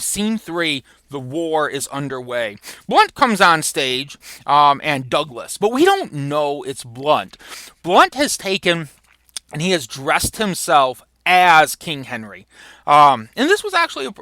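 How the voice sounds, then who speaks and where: A man giving a recorded literature lecture, animated, with many fillers and restarts. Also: a little high, no echo.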